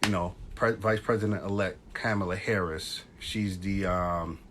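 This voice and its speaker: A man hosting a casual live stream chat, talking in loose slang and shouting out viewers as they join. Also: deep voice, fairly even intonation, moderate pace, background noise. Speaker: podcast host. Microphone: phone live stream.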